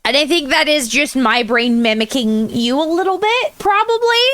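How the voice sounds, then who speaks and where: A woman's voice: high-pitched, animated, moderate pace, fairly bright tone, no echo. An American woman chatting casually on a livestream, rambling and laughing often as she answers chat from home. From United States. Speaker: VTuber streamer.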